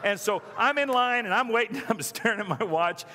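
A man's voice: high-pitched, expressive, fairly quick, bright, forceful tone. A man preaching a storytelling sermon, acting out the voices of the people in his story. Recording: reverberant church hall.

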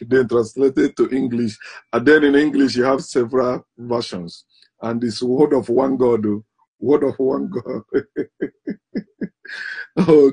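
A man giving a scornful monologue, often laughing and stressing words slowly. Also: mid-range voice, dark tone, breathy edge. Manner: scornful, laughs between points, drawn-out emphatic stresses. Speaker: online commentator. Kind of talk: mocking monologue.

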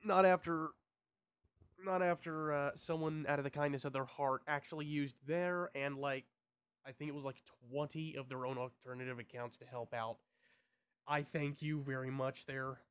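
A man's voice: mid-range voice, steady tone, moderate pace, fairly bright tone, smooth. A young man talking casually to his subscribers, rambling, tripping over his words and swearing now and then. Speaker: YouTuber.

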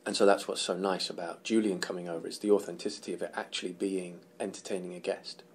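A man with an English accent, an actor in a casual press interview, telling animated stories and laughing often. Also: sits low, quick pace, slight background noise. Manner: animated storyteller, laughs often, acts out quotes.

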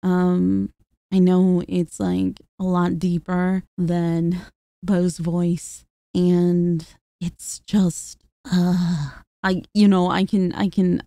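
Slow, mellow-voiced young woman streamer. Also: fairly low pitch, level tone, no echo, clean studio sound. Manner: rambling and hesitant, many fillers and laughs. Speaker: VTuber streamer. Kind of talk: casual talk to camera.

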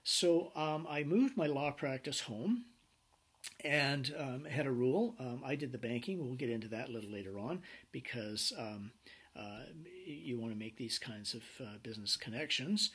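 A man lecturing a business class with animated personal anecdotes, acting out what people said. His voice is husky and mid-pitched. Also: moderate pace. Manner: animated storyteller acting out quoted dialogue. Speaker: business instructor.

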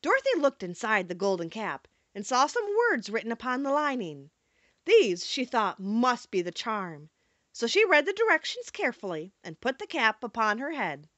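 Woman narrator, storybook audiobook, expressive, high pitch, very dry sound. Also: normal speed, no room sound. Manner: expressive, animated reading.

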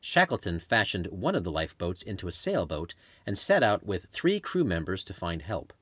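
A man reading his own travel memoir aloud as an audiobook, telling it in a measured storytelling way. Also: low voice, slightly rough, no room sound. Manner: measured storytelling with lively intonation.

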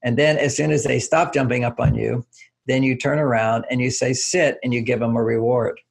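Gravelly, husky older man. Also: mid-range voice, steady tone, fairly quick. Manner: explains with examples, acts out quotes in a raised voice. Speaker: relationship author, guest. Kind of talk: casual interview talk.

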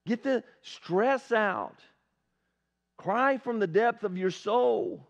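Male pastor, earnest conversational sermon, high voice, muffled lo-fi recording. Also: very slow, vocal fry. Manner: earnest, conversational, asks the congregation questions. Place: church service.

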